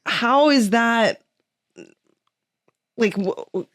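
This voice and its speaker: A woman hosting a podcast in casual chat, rambling and halting as she asks her question. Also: a little high, dry recording, studio quality. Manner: rambling, halting, many fillers and restarts. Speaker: podcast host.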